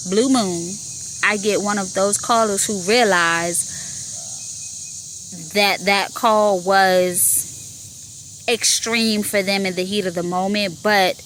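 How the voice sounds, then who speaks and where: A woman's voice: medium pitch, a bit bright, a little hiss or hum. A woman hosting a podcast, talking in a casual monologue about her work as a 911 telecommunicator, emphatic and repeating herself as she makes her point.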